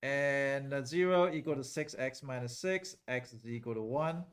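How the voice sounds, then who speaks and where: A man's voice: medium pitch, normal speed, smooth. A man teaching calculus to a live class in a loose, conversational way, often checking whether students follow.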